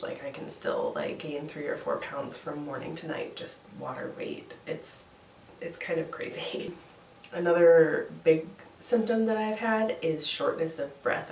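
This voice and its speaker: A woman's voice: sits low, a little mellow, a little hiss or hum. A young woman with a head cold and a stuffy, nasal voice, chatting casually in a vlog, with fillers and light laughs. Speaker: vlogger. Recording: echoey room, voice from far off, faint ambience.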